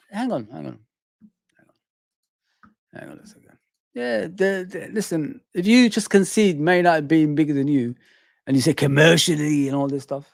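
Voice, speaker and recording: Middle-aged man, live-stream host, slightly high voice, animated chat that keeps repeating itself, dry close mic. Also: vocal fry, dry recording. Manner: animated, repeats phrases, reads and answers chat.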